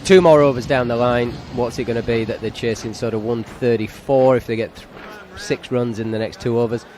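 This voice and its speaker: A man's voice: medium pitch, fairly even intonation, a little fast, darkish tone. Dry-humoured man with a northern English accent. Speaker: radio cricket pundit. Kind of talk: expert co-commentary.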